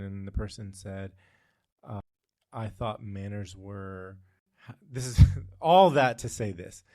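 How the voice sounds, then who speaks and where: In a dry, studio-quality recording, a man with a lowish, slightly mellow voice co-hosts a casual podcast. His long story rambles through tangents and is packed with fillers.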